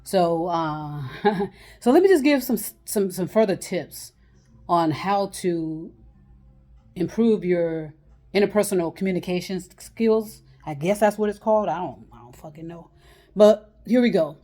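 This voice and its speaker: A woman's voice: on the low side, a little slow, dark tone. A woman talking off the cuff in a casual monologue about communication tips, rambling and blunt, swearing freely and laughing between thoughts. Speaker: channel host giving communication tips.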